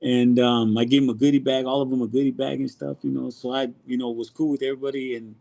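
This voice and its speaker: A man telling a story as a podcast guest, casual and animated, swearing freely. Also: medium pitch, fast, gravelly. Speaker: guest, car show organizer.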